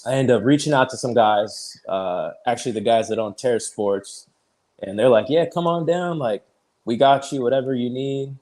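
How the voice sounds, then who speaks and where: Man in his thirties, casual interview guest, chatty, says "like" a lot, laughs easily, mid-pitched voice. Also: moderate pace, darkish tone. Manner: chatty, fills speech with "like", retells conversations; laughs easily while telling stories.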